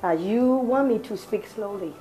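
A woman's voice: mid-range voice, animated, brisk, dark tone, reverberant, a little hiss or hum, poor audio. Woman teacher drilling classroom English. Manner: drills phrases and praises answers.

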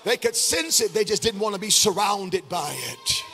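A man preaching from the pulpit in a high, bright voice. He moves from quiet asides to chanted, shouted calls for the congregation to answer. Faint music plays behind him. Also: lively intonation, moderate pace, long reverb tail. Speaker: pastor. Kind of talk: sermon.

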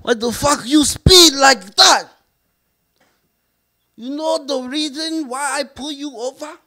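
A man playing an angry foreign traffic cop who shouts and curses at a speeding driver. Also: slow, full character voice. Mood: furious. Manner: shouting, cursing, high-pitched rant. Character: furious foreign traffic cop, male, cursing.

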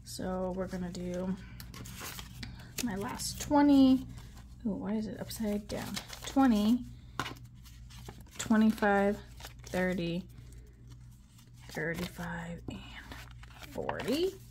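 A woman talking casually to viewers while she counts money out loud, chatty and with frequent ums. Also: mid-range voice, slow, pauses often, slight background noise. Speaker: budgeting vlogger.

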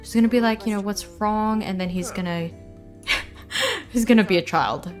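A woman's voice: medium pitch, normal speed. A young woman narrating her life-sim game story in casual commentary, chatty and giggly, talking to viewers as "guys". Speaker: let's play creator. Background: faint background music.

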